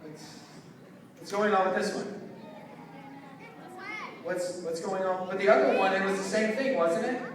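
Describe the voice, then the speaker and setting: A man with a fairly high voice preaches an energetic youth sermon, using an object lesson and calling out to his listeners. His voice bounces around a large hall with long reverb. The mic sits well back from him. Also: measured pace, long pauses, noisy background. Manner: energetic, call-and-response with audience. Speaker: youth pastor. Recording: echoey hall, mic from a distance.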